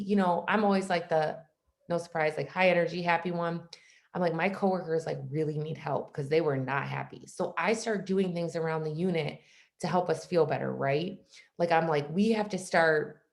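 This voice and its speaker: A young woman from Michigan, a guest speaker on a video call, telling her story in a casual, chatty way and saying "like" constantly. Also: lowish voice. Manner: chatty, says "like" constantly, acts out quoted voices.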